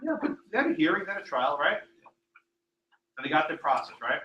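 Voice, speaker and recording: A man, a law professor, giving a classroom lecture, animated and sometimes sarcastic, putting questions to students. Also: fairly high pitch, fairly quick, dull audio, slight background noise.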